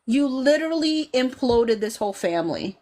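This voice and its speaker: Speaking at normal speed in a voice that sits high, a chatty podcast host in her thirties runs a casual live stream and responds to the chat. Her animated talk is full of "like" and "you know," punctuated by dramatic quotes from the scenes she recounts.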